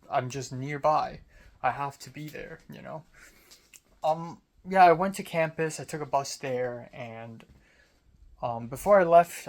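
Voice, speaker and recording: A young man from Hong Kong, rambling candidly through a casual diary-style vlog, full of fillers and self-deprecating asides. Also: mid-range voice. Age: young adult. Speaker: vlogger. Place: outdoors on a college campus.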